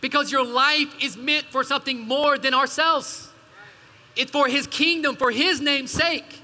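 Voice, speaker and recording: A man's voice: very high-pitched, steady tone, a little slow, sharp tone. A male pastor, preaching a sermon with emphatic call-and-response asides to his congregation. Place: church hall. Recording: church hall reverb.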